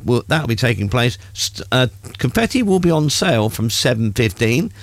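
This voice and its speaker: A man's voice: medium pitch, very animated, normal speed, no echo. A middle-aged man presenting local radio, chatting with dry humour and reading out event listings. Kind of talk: casual radio chat with local announcements.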